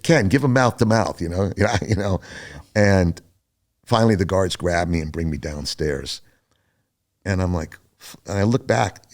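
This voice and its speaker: An older man, a podcast guest, telling a story casually, animated and profane. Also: sits low.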